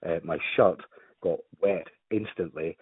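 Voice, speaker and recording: A man's voice: low-pitched, steady tone, a little slow, slightly rough, no echo. A man from Scotland, a claimant, chatting casually and jokingly on a phone call, self-deprecating and swearing freely. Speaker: caller, claimant. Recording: tinny dry phone line.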